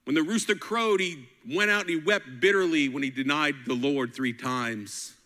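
A man preaching a sermon, swinging dramatically between loud climaxes and hushed whispers and calling out to the congregation. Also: fairly high pitch, normal speed, big-room sound. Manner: call-and-response exhortations.

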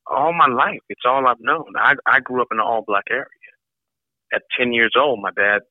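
A man's voice: medium pitch, normal speed, dry recording. An older man speaking as an interview guest, reflective and emphatic, piling up repeated lists to drive his points home. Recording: dry tinny phone-like line.

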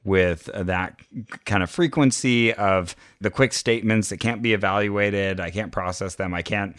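Deep-voiced wry podcast co-host man. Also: unhurried, fairly bright tone, smooth, no room sound, clean studio sound. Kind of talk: casual chat.

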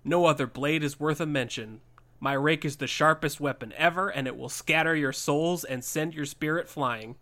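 Brief: indignant, boastful pig monster read by a man, bright, forceful tone. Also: on the high side, normal speed. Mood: blustering.

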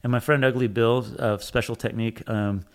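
Casual man, mid-pitch, storyteller type, swears freely, quotes himself a lot. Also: fairly even intonation, fairly quick, clean tone. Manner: rambling, frequent fillers and profanity, acts out his own quotes. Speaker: tattoo machine builder, guest.

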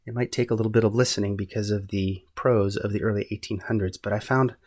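A man hosting a podcast, giving measured, earnest, scripted Bible-study narration. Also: on the low side, steady tone, darkish tone, husky. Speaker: podcast host.

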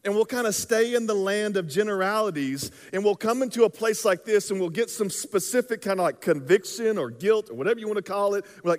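A man's voice: high-pitched, fast talker, hardly any pauses, in a large hall. A man in his thirties preaching a sermon as pastor, in a casual, conversational way with fillers and little acted asides.

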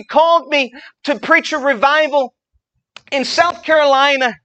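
Preacher guy at a youth retreat, bright sharp voice, goes loud then quiet telling his story. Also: very high voice, unhurried, poor audio. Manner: swings from shouted fervor to hushed storytelling. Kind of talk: revival sermon. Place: church gathering room.

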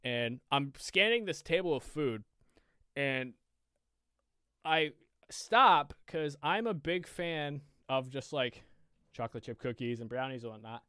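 A podcast co-host telling a casual story, rambling with lots of fillers and swearing freely. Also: male voice, medium pitch, lively intonation, measured pace, pushed and bright, smooth, no echo, clean studio sound.

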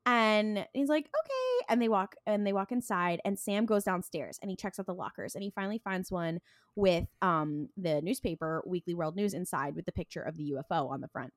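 A woman co-hosting a podcast, casually recapping an episode, retelling scenes with quick bits of quoted dialogue and frequent ums. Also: fairly low pitch, dry recording, clean studio sound. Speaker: podcast co-host.

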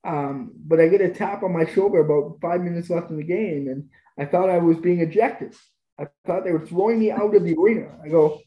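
Podcast guest, male, raised-pitch but very mellow dark tone, eager storyteller, roomy echo. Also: a little fast. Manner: enthusiastic, gushing about experiences. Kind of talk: conversational storytelling.

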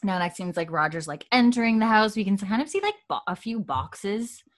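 A woman co-hosting a casual chat, retelling scenes with lots of fillers and quick laughs. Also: mid-range voice, sing-song. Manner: chatty, filler-heavy, acts out quotes, laughs often. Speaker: podcast co-host recapping a TV episode.

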